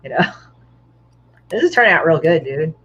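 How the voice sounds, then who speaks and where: Woman guest, low-pitched, blunt and foul-mouthed storyteller, muffled lo-fi sound. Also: expressive, normal speed, fairly bright tone, husky. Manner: blunt, profane storyteller who acts out other people's lines. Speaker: guest comic artist. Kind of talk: casual podcast chat. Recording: dull, muffled lo-fi audio.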